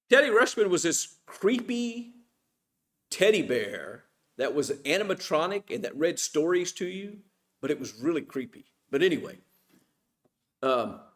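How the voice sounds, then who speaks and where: A middle-aged man teaching an informal Bible study class at church. He asks the class questions and then answers them himself. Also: mid-range voice.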